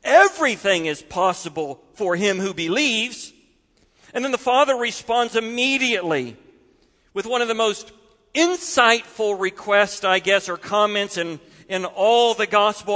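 A man preaching a sermon, expressive and animated. He acts out voices and sometimes drops suddenly quiet. His voice is high-pitched and ringing bright, carried by the long reverb of a big hall. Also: measured pace.

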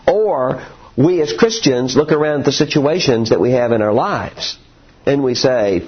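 A man's voice: mid-range voice, measured pace, slightly rough. A man preaching a sermon in an earnest, storytelling way, recorded dull and lo-fi. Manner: earnest, animated storytelling with acted quotes.

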